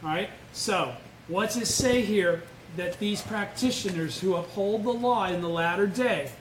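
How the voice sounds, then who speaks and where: High-voiced man teaching in an echoey room. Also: a little slow. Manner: keeps questioning the group, blunt and emphatic. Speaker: study group leader. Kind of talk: informal Buddhist study lecture. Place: indoor meeting room, live-streamed. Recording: echoey room with faint noise.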